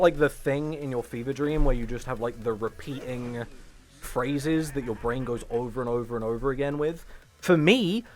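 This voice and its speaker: A man streaming to his chat, hyper and rambling, swearing often, jumping between loud high bursts and low mutters. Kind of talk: casual stream chatter.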